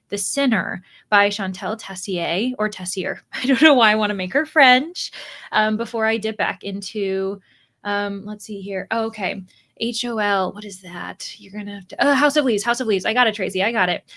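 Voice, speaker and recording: A young woman hosting a reading livestream from home, chatting warmly and greeting viewers by name as she reads out the chat. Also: mid-range voice. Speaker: readathon livestream host. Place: home room.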